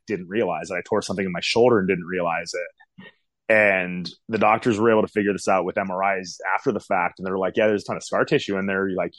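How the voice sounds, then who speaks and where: Candid low-voiced man in his forties. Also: no echo. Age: 40s. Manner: candid, rambling with many fillers. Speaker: guest telling his story. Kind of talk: casual interview storytelling.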